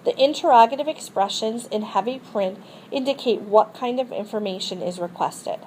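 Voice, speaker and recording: A woman's voice: mid-range voice, lively intonation, moderate pace, a little mellow, slight background noise, rough recording. A woman teacher explaining a French grammar lesson step by step and modeling phrases for students to repeat. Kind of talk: recorded classroom lesson.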